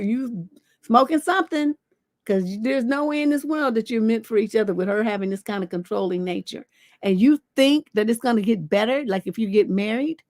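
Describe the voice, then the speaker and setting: Woman, relationship coach, livestream host, blunt, profane, scolding, higher voice, dry close sound. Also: no room sound. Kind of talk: livestream advice show.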